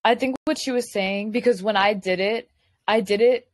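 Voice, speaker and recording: A woman's voice: mid-range voice, moderate pace, no echo. Chatty woman, dry close sound. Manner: animated retelling with quoted dialogue, frequent "I was like". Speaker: podcast guest. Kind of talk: casual storytelling chat. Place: lives in Florida.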